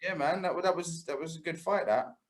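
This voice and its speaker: High-voiced chatty lad. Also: male voice, a little fast. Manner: chatty, laughs often, swears freely. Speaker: podcast co-host. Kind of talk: casual sports podcast chat.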